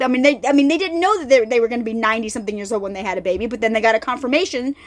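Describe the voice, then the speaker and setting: High-pitched lady chatting about the bible, animated, keeps repeating herself, says y'all a lot. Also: rapid-fire, hardly any pauses. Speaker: faith vlogger. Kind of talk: casual Bible talk. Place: lives in an RV.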